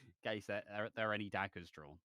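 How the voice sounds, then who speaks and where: A man's voice: lowish voice, fast talker, sharp tone, no echo, clean studio sound. A man co-hosting a podcast, rambling and hesitant in casual chat about a soap, with sudden bursts of exasperation. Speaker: podcast co-host.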